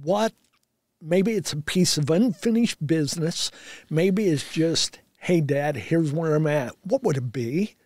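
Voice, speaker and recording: A male podcast host asks his questions slowly and with care. His voice sits a little high for a man and comes through dry and close. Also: no room sound. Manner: slow, gentle, deliberate questioning. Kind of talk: interview questions.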